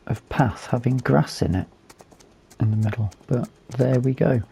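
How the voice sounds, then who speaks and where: Slow, gravelly-voiced man, hoarse. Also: mid-range voice, dark tone, soft background music. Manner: unhurried, thinking aloud with fillers. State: losing his voice. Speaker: gaming video host. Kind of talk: relaxed game commentary.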